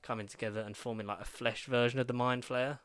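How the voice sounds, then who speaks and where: A man's voice: medium pitch, fairly even intonation, fast, fairly bright tone, smooth, dry recording. A man co-hosting a podcast, recapping plots in a rambling way, full of "like" and restarts. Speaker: podcast co-host. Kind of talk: casual chat.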